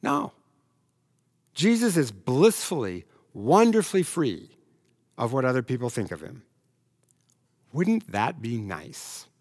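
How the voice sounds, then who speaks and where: A pastor preaching a sermon in a conversational, humorous way, now and then putting on complaining voices. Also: male voice, medium pitch, sing-song, slow, long pauses, a little mellow.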